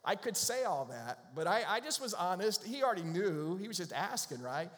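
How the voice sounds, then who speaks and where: A man's voice: sits high, sing-song, moderate pace, a bit bright. Man preaching in a reverberant hall. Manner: conversational storyteller. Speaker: pastor. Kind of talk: sermon. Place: church sanctuary. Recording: long reverb of a large hall.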